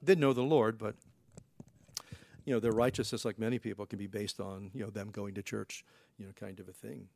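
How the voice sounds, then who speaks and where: A man's voice: lowish voice, steady tone, a little fast, gravelly, a little mellow. A man preaching a conversational sermon as a pastor, folksy and full of rhetorical questions. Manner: folksy, rhetorical questions, frequent "you know" fillers.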